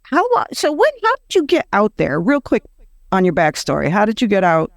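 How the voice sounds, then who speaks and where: A woman's voice: medium pitch, wildly swooping pitch, a little fast, no room sound, clean studio sound. A woman hosting a podcast, chatting casually with rambling asides and frequent laughs. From Western New York. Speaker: podcast host. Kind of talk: casual interview chat.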